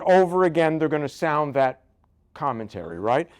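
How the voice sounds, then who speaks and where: Older guy, rabbi teaching bible, jokey asides, keeps saying right?, slightly high voice. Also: big pitch swings, normal speed, a little mellow, smooth. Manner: joking, keeps asking "right?". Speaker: rabbi giving a guest lecture. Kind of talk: conversational Bible lecture.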